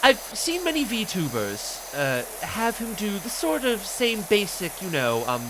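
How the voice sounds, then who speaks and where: Streamer, playful and theatrical, animated pitch, hissy audio. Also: measured pace. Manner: playful, theatrical, many fillers. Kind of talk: casual gaming chat.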